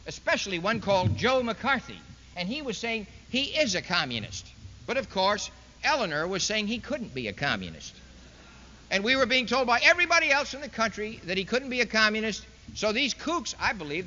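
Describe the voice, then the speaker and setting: A man's voice: very high-pitched, pushed and bright. A man giving a sarcastic, emphatic public lecture speech to a university audience, in a dull lo-fi 1960s archival recording made in a large hall. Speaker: political speaker addressing a university audience.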